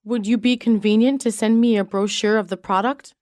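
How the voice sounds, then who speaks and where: A woman reading business English sentences aloud in a measured, clearly enunciated way. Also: mid-range voice, fairly even intonation, a little mellow, no room sound, studio quality. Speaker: English phrase reader. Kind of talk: slow read-aloud example sentences.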